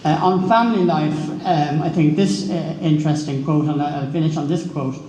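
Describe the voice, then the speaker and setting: A middle-aged Irish man giving a formal speech at a book launch, pausing often with filler sounds. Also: fairly high pitch, dark tone, slight background noise. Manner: hesitant, many filler sounds. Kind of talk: formal speech reading out quotes. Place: large echoey hall. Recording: echoey hall with long reverb.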